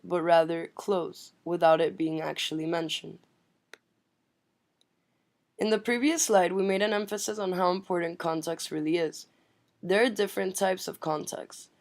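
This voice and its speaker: A woman's voice: fairly low pitch, a little mellow. A woman student reading her part of a class presentation, explaining terms.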